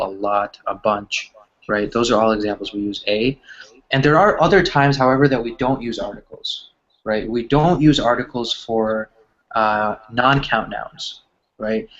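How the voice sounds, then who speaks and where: A man's voice: mid-range voice, a bit bright. Patient man teaching grammar over video call. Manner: explains patiently, asks "right?" constantly. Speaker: English teacher. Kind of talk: online class teaching. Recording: slightly dull video call audio.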